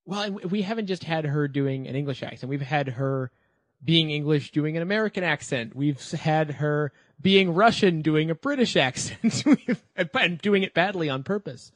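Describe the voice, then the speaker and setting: A man co-hosting a casual TV review chat who makes wry, quick jokes. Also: on the high side, lively intonation, no room sound. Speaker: podcast co-host.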